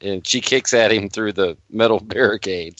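A man co-hosting a casual podcast who speaks in dry, terse, deadpan remarks. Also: lowish voice, moderate pace, no echo, lo-fi sound. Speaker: podcast co-host.

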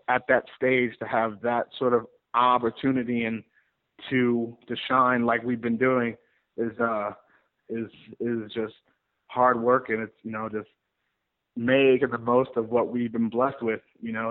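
Wrestler guy rambling thru stories on a call, tinny phone sound, mid pitch. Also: unhurried. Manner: rambling, animated storyteller with many restarts. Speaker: pro wrestler guest. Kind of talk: casual interview over the phone.

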